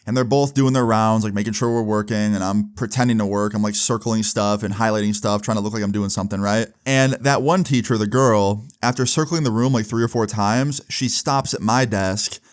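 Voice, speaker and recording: A man's voice: lowish voice, a little fast, few pauses. Young man telling a story casually. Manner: animated, swearing, fillers like "like" and "right". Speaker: vlogger.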